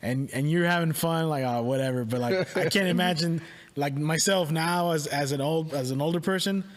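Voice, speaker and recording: A man's voice: a little high, moderate pace. A man hosting a podcast, chatting casually with slang and easy laughter. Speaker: podcast host.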